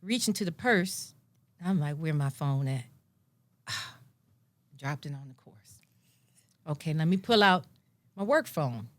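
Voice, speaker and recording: A woman's voice: low voice, expressive, unhurried, pauses often, dry recording. Woman, personal storytelling, acts out her own thoughts, close dry mic. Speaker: guest.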